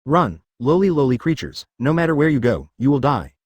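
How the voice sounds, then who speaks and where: A man voicing a brutal shark-man pirate in a flat read-aloud manner. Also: mid-range voice, fairly quick, breathy edge, dry recording. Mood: menacing.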